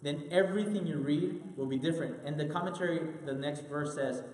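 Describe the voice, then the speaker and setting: A man's voice: fairly high pitch, fairly quick, darkish tone. A man giving an earnest sermon-style Bible teaching, repeating key lines for emphasis. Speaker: preacher. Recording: roomy with long hall reverb.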